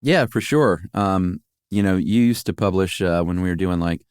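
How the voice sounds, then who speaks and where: A man's voice: moderate pace, darkish tone, clear, resonant tone, no room sound, studio quality. A middle-aged man co-hosting a podcast, chatting casually and playfully. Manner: playful, sings a jingle in a high voice. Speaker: podcast co-host. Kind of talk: casual chat.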